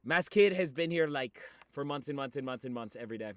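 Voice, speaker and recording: A young man livestreaming, chatting casually with viewers in an excitable, teasing way with sudden shouts. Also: mid-range voice, brisk, no room sound.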